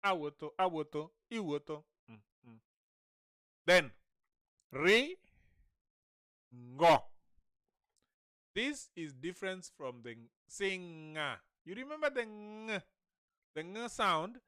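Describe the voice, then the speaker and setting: Male language teacher, slow deliberate pace, fairly high voice, clear smooth tone, dry close sound, patient repetition. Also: very animated, bright, forceful tone, no echo. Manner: patient drilling, repeats each word many times. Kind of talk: informal language lesson, repeating words slowly.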